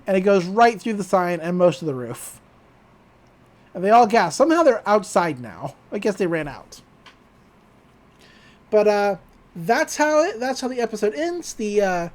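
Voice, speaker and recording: A woman's voice: mid-range voice, a little mellow. Chatty woman recapping a cartoon episode. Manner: chatty retelling with frequent laughs and fillers. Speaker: podcast co-host.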